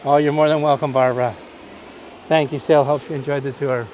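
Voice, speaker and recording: A man's voice: medium pitch, little pitch movement, a little fast, darkish tone, slight background noise. A Canadian-raised man hosting a live-streamed walking tour outdoors on a coastline, chatting and pointing out the sights as he walks. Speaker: host.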